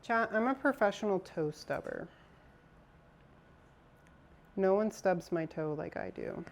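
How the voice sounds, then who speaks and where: A woman's voice: mid-range voice, lively intonation, normal speed, vocal fry. A woman streaming live, chatting casually with her viewers as she builds a PC, swearing now and then. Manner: chatty, talks to chat while assembling a PC.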